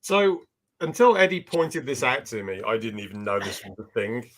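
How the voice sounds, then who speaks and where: A man's voice: mid-range voice, big pitch swings, moderate pace, fairly bright tone. A man co-hosting a sports podcast, talking casually and with strong opinions, laughing easily. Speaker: podcast co-host.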